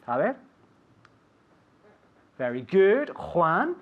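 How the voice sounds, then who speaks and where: Man teaching English, slow clear drills. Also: on the high side, lively intonation, muffled recording. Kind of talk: radio English lesson.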